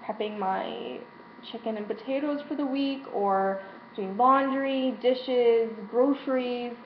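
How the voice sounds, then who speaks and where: A woman's voice: a little high, steady tone, slow. A young adult woman speaking frankly about her frustrations in a personal vlog, emotional and swearing freely. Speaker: vlogger. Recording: roomy, dull lo-fi sound with faint hiss.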